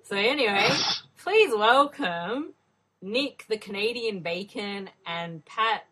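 A woman's voice: mid-range voice, expressive, slow pace, a bit bright, poor audio. A woman hosting a casual podcast chat, teasing her guests and laughing often. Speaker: podcast host.

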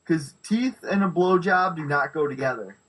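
Guy w a higher breathy voice, far from mic, teasing the hosts. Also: a bit bright. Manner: teasing, quick short replies. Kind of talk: casual movie commentary chat.

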